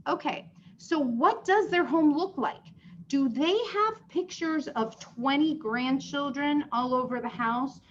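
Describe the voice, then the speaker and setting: Brief: female sales coach leading a class, slightly high, lively questions to attendees, muffled recording. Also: a little hiss or hum. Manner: chatty, explains with questions to the group. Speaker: sales trainer. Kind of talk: live training session. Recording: dull lo-fi sound.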